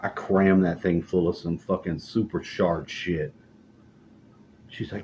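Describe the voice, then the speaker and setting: A middle-aged man telling rambling stories in a casual, profane, deadpan way. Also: low-pitched, measured pace, lo-fi sound, a little hiss or hum. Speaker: storyteller. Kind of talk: casual storytelling monologue.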